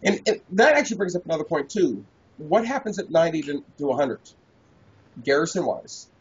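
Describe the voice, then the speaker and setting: A man's voice: a little high, big pitch swings, brisk, slight background noise. A man hosting a casual gaming podcast, telling his own stories and asking questions. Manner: storytelling, asks questions. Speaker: podcast host. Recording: dull lo-fi podcast audio.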